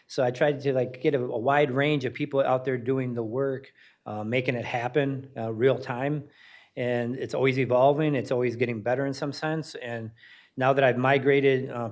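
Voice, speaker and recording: A middle-aged man from Northern Michigan tells a story in relaxed, off-the-cuff talk. He acts out both sides of the conversation and pads his lines with "you know" and "like." His voice sits at an ordinary middle pitch. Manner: conversational, self-deprecating, acts out dialogue with fillers. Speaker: museum educator and panel host.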